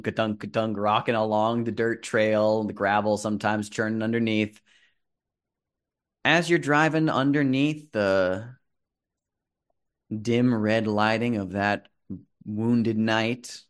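A man with a fairly low voice narrating a tabletop game as game master. He takes his time, describing each scene slowly and deliberately. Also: clean tone. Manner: slow, descriptive storytelling.

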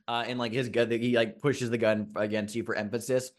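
A man acting as game master narrates a tabletop role-playing game, telling the story slowly and deliberately with dramatic pauses. His voice is medium-pitched and his tone level.

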